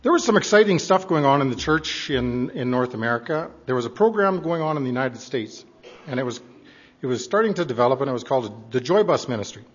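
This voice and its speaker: A man's voice: medium pitch, lively intonation, quick pace, husky. An older man fondly recounting church memories to a congregation, in an earnest storytelling manner. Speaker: church member addressing congregation. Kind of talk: reminiscing speech to a congregation. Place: church hall. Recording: echoey hall, dull lo-fi sound.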